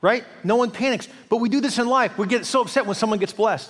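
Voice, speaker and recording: High-voiced man preaching in a reverberant hall. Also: fast talker, few pauses. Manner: animated, conversational preaching with playful asides. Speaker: pastor. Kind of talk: sermon.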